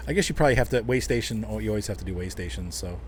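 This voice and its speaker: A man's voice: on the low side, animated, rapid-fire, a little hiss or hum. Laid-back man rambling while streaming a game. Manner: rambling, chatting with viewers, laughing often. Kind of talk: casual live-stream commentary while driving a truck game.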